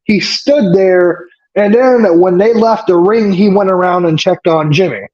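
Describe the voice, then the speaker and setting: Recapping a wrestling show, the high-pitched male co-host chats casually, drifting off topic, cursing openly and relying on fillers. He keeps a measured pace and a somewhat dark tone, captured on a dull, lo-fi recording.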